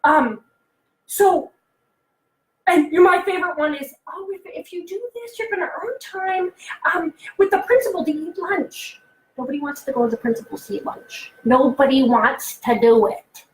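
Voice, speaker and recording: A woman coaching parents in a casual, animated talk, often acting out what kids say and asking the listener questions. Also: high voice, moderate pace, echoey room, poor audio. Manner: animated, acts out kids' voices, asks the listener questions. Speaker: behavioral consultant and life coach.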